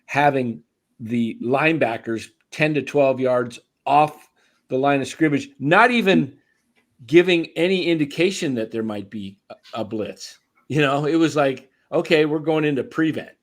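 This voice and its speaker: A man's voice: medium pitch, a little slow. A man hosting a casual sports live stream, rambling in a stop-start way. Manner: rambling, stop-start, frequent fillers and restarts. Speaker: sports show host.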